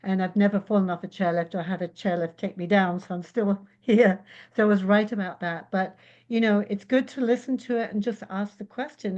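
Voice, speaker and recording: A woman from England, a psychic guest in a casual interview, who tells lively stories and acts out the voices she quotes. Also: mid-range voice, brisk, dull audio. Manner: animated storyteller, acts out quotes.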